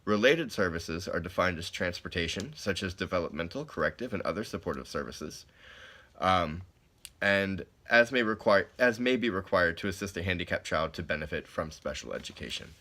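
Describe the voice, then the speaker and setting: Brief: male presenter, lowish, bright edge, casual explainer working through a court case. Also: animated, moderate pace. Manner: casual, many fillers, explains plainly. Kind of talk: recorded slide presentation, reading legal definitions aloud.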